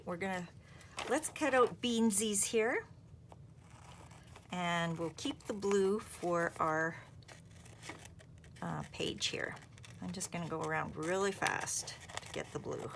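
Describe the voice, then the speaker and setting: A woman's voice: on the low side, takes it slowly, long pauses, background noise. A woman hosting a craft video, chatting in a rambling way and thinking aloud as she works. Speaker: craft channel host. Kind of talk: casual chat while crafting.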